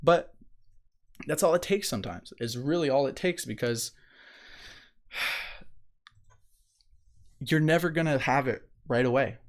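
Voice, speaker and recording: A man's voice: mid-range voice, slow, pauses often. A man hosting a motivational podcast, talking energetically and emphatically, repeating phrases, restarting sentences and laughing often. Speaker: podcast host.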